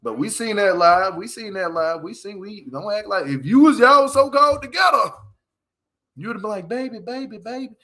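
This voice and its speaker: A man's voice: sits high, animated, normal speed, pushed and bright. A man hosting a loose, slangy livestream recap of a reality show, laughing often as he talks. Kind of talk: casual livestream commentary.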